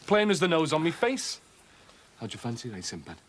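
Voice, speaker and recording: An actor playing a jokey, smooth-talking local man in a soap opera. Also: on the high side, huge pitch swings, a little fast, noisy background. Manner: jokey, breezy, cheeky.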